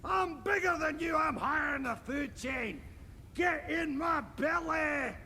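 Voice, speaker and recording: A man's voice: very high voice, a little slow, bright, forceful tone, shouting, exaggerated voice. A crude, bellowing fat Scotsman. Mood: gloating. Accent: Scottish. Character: crude, gluttonous obese Scottish man. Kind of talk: comedy film acting. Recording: noisy film clip audio.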